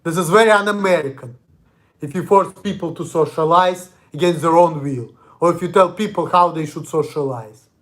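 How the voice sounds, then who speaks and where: Speaking at normal speed, a young Russian vlogger with a Russian accent has a voice on the high side with a fairly bright tone. He rants angrily and curses throughout a confrontational monologue.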